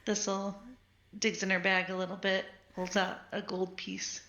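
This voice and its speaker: A woman player in a tabletop game, speaking slowly and hesitantly. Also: mid-range voice, completely flat delivery, pushed and bright, highs cut off. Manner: slow, hesitant. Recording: echoey room.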